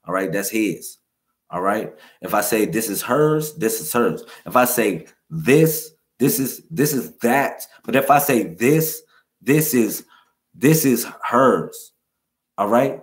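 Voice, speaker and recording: A man's voice: medium pitch, animated, a little slow. Man teaching casually on a livestream. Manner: loose, repetitive slang-filled talk addressing viewers. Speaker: livestream host.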